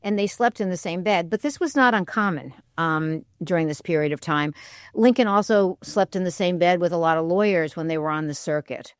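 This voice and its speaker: A woman's voice: lowish voice, a little fast, clear, resonant tone, no echo. Thoughtful woman historian, dry studio voice. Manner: thoughtful, candid, hedging with "I think". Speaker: historian and author as guest. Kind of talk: public radio interview. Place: radio studio.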